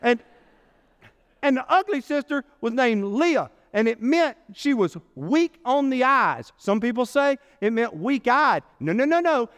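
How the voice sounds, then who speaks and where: A man preaching a sermon as pastor, telling a Bible story with playful asides and lively delivery. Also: very high voice, normal speed, clear, resonant tone. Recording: long hall reverb.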